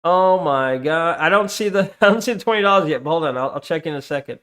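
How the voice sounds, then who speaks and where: A male streamer with a slightly high voice talks casually as he goes through chat. He breaks off often, restarts sentences and keeps telling viewers to hold on. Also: expressive, fast talker, a bit bright. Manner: distracted, reads chat aloud, many restarts and "hold on"s.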